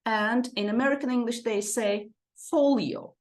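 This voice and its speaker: Woman teacher, fairly high voice, slow and drawn-out, repeats each word. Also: a little mellow. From Turkey. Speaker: English teacher. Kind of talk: online lesson walkthrough.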